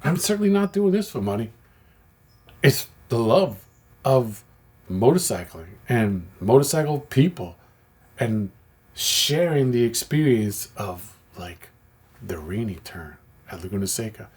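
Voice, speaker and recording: A man's voice: mid-range voice, lively intonation, measured pace, a little mellow, husky. A man who makes and sells motorcycle parts, talking in a candid, passionate and rambling way about his work. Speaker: parts maker and shop owner. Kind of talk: candid personal video talk.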